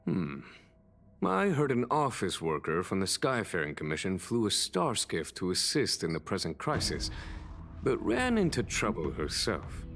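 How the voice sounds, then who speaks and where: A man voicing a calm, wise older seer in a game, speaking in a measured, formal way. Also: deep voice, a little hiss or hum, full character voice. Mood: composed.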